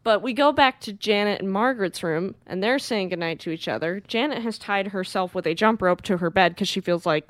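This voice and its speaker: A woman co-hosting a podcast, retelling a movie in lively casual chat and acting out the characters. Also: mid-range voice, fairly quick, hardly any pauses, no room sound. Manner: animated retelling, acts out characters, swears freely. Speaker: podcast co-host. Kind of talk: casual film recap.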